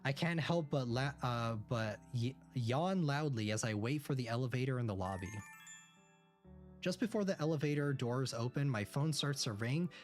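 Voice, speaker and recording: A man of middle pitch reads a visual novel aloud in first person, stopping now and then to react. Faint music plays under his voice. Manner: narrates in first person, breaks off for quick reactions. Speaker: streamer.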